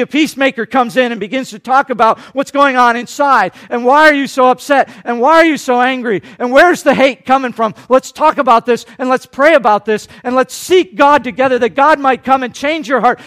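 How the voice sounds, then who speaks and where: This pastor has a very high voice and preaches by lurching from loud, urgent lines to hushed, quiet ones. Now and then he briefly acts out the people he's quoting.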